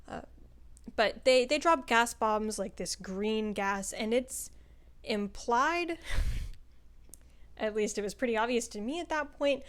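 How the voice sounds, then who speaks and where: A woman's voice: on the high side, slow pace, pauses often. A woman talking through a book review in a loose, chatty way. She rambles, leans on filler words, swears freely and laughs often as she goes. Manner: chatty and rambling, with frequent "like" and profanity. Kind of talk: casual spoken book review.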